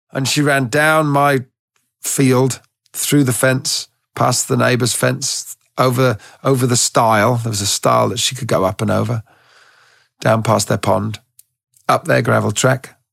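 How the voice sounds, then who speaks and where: A man who trains dogs, telling stories in a relaxed, rambling way as a guest in an interview, with a gravelly, husky voice. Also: medium pitch, dry recording, studio quality. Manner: relaxed, rambling, with many restarts. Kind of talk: casual storytelling in a podcast interview.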